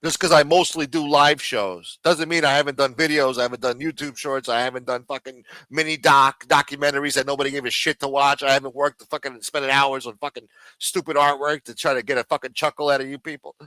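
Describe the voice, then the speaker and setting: A man's voice: mid-range voice, steady tone, fairly quick, bright, forceful tone, no echo. A man hosting a live stream in a casual, profane rant, with many fillers, repeated phrases and muttered asides.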